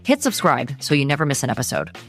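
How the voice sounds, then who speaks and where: A woman's voice: extremely low pitch, wildly swooping pitch, faint music behind. Woman host reading a podcast outro. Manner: friendly, measured, reads a scripted outro.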